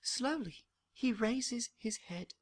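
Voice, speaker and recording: Husky woman reading stage directions. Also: fairly high pitch, expressive, slow pace. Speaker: narrator.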